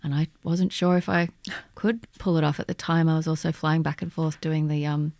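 A woman's voice: low voice, little pitch movement, brisk, darkish tone, dry recording, clean studio sound. A woman actor from Australia, answering interview questions thoughtfully, with many hesitant restarts. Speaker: actor guest. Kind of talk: conversational interview.

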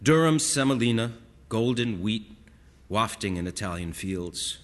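A man narrates a first-person story in a wistful, reflective way. His voice sits fairly low, and a long reverb trails behind his words. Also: animated, measured pace. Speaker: audiobook narrator.

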